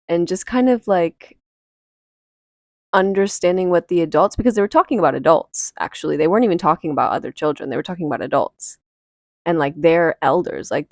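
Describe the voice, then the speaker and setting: Lowish-voiced woman sharing a personal story. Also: no echo. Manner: casual, many fillers, emotional and reflective. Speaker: podcast host.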